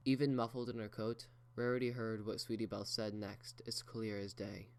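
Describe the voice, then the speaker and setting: Guy reading a story out loud, slow and steady, smooth voice. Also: on the low side. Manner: slow and measured. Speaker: reader. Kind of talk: fan fiction read aloud.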